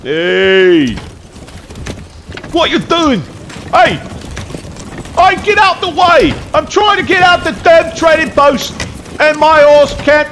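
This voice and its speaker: A man voicing an angry rider stuck in a cart jam, shouting high and loud in a put-on accent. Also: big pitch swings, slow, long pauses, slight background noise, full character voice.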